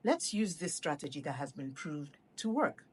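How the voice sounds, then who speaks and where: A woman coaching on public speaking, guiding listeners in an instructional video with a deliberate delivery. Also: sits low, big pitch swings, darkish tone.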